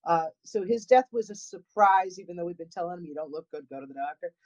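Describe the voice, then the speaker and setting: A woman's voice: fairly low pitch, expressive, fast, darkish tone. A woman with a New England accent, a guest paranormal investigator chatting casually and rambling, often repeating words and restarting. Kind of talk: casual chat. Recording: dull lo-fi audio.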